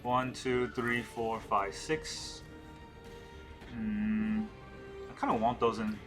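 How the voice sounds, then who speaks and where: A man's voice: on the low side, little pitch movement, takes it slowly, over music. A man thinking aloud as he plays a digital card game, counting cards and questioning his own moves. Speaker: gameplay streamer.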